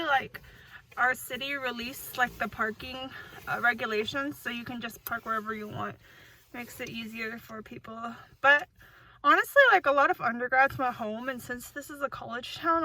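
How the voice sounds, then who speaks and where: A woman's voice: on the high side, pushed and bright, a little hiss or hum, rough recording. A young woman, a doctoral student, chatting upbeat to her viewers in a casual vlog. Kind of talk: casual vlog narration to camera.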